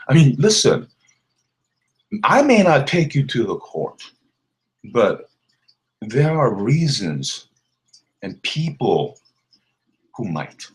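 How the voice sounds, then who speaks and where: Guy doing a slow sneering rant vid, low voice that swings all over, laughs at his own insults. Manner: mocking and scornful, laughing between insults. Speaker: vlogger. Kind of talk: ranting callout video.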